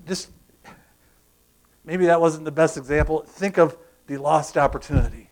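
A man preaching a sermon, animated, asking the congregation questions and acting out sounds. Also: fairly high pitch, normal speed, pauses often. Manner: animated, acts out groans and crowd sounds, asks the congregation questions. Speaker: pastor.

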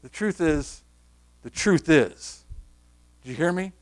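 A man delivers a sermon as a pastor, his voice sitting a little higher than most men's. He talks to the congregation casually but with emphasis, circling back on key phrases and firing questions at them. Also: expressive, a little slow, long pauses.

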